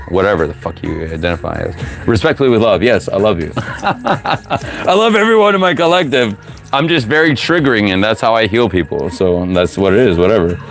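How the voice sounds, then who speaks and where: A man giving a live tarot reading to viewers, profane and preachy, with sudden loud whoops. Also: sits low. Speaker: tarot reader, live streamer.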